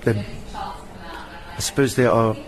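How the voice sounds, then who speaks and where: Slow but with lively intonation, this mid-range voice belongs to an older South African stage performer. He is an interview guest in a hotel lounge amid crowd noise, sharing personal stories with vivid detail and performing the voices of people he quotes.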